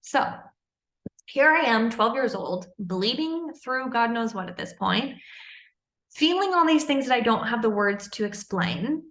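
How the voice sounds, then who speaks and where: A woman's voice: a little high, lively intonation, measured pace, a bit bright, echoey room. A woman candidly and earnestly recounting her own story in a personal storytelling monologue. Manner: candid, earnest, intense retelling.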